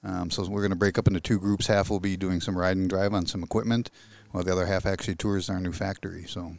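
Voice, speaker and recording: Middle-aged Midwestern man, very deep voice, dry close sound; relaxed industry guest with dry wit. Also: fast talker, gravelly, no room sound. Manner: easygoing, dry humor, plain-spoken. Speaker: industry guest, engine company manager. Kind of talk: casual interview chat.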